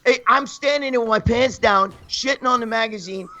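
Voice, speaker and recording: A man's voice: very high voice, a little fast, sharp tone, dull audio. A man telling crude comic stories, profane and rambling, laughing as he goes. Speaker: guest storyteller.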